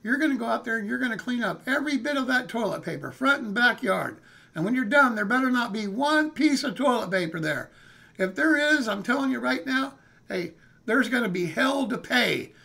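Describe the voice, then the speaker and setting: Angry armed man, gruff and threatening, raised high raspy voice as a storyteller puts him on. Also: expressive, a little fast, bright, forceful tone, heavily acted. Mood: furious. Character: big angry man with a shotgun.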